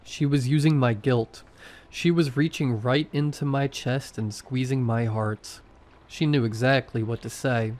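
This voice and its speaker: A man's voice: medium pitch, steady tone, unhurried, a little mellow. A man narrating a first-person horror story in short, tense sentences.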